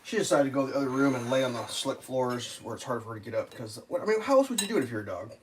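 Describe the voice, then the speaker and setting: A man's voice: medium pitch, lively intonation, fast, hardly any pauses, a little hiss or hum. Rambling, profane man chatting casually. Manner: rambling and profane, with frequent fillers and laughs. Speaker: live streamer.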